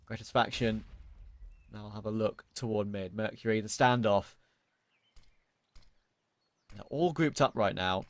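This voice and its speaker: Excitable man calling esports play-by-play. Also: on the low side, a little slow, pauses often, dry recording. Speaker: esports commentator. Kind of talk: live esports play-by-play commentary. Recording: broadcast with clear background noise.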